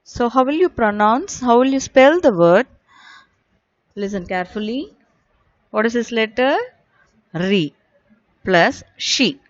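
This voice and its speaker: A woman's voice: fairly high pitch, lively intonation, takes it slowly, long pauses, no room sound. A woman teaching young children in a video lesson, patiently repeating each word and asking the class questions. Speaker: primary school teacher. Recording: dull lo-fi recording.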